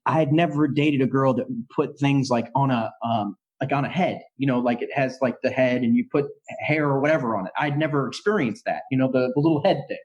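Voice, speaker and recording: A man on a podcast as a guest, telling a story in an animated way and swearing freely. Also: mid-range voice, a little fast, few pauses, dull audio. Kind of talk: casual storytelling.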